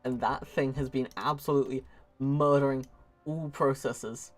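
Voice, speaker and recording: A young male streamer talks his way through a strategy game in a loose, joking manner, with quick asides and self-mocking humor. His voice sits at an ordinary middle pitch, with soft music playing faintly underneath. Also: fairly even intonation. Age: young adult. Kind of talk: casual gameplay commentary.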